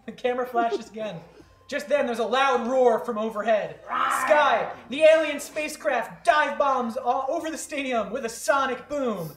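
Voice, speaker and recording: A woman's voice: high-pitched, moderate pace, reverberant, slight background noise. Playful woman reading stage directions. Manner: laughing, playful asides. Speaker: narrator of a script read.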